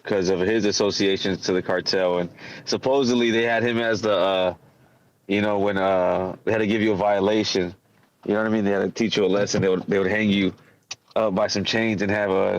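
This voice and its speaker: A man with a lowish voice tells stories on a podcast panel in a relaxed, easy way. He comes through a dull, lo-fi mic. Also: fairly quick, slight background noise. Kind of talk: casual panel chat.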